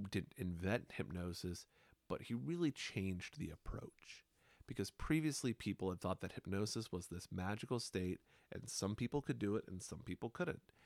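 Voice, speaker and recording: A man hosting a podcast, speaking in a slow, reflective monologue with unhurried, hypnotic pauses. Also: low-pitched, no echo.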